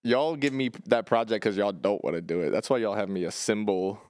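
A man's voice: lowish voice, fairly quick, a little mellow, no room sound, clean studio sound. A man co-hosting a podcast, chatting casually in a joking, self-deprecating way. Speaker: podcast co-host.

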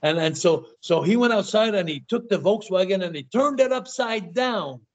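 Older guy telling stories, kinda high voice, keeps repeating words, muffled lo-fi audio. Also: normal speed. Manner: stammers and repeats words, animated anecdotes. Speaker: guest. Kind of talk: casual interview storytelling. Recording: dull lo-fi sound.

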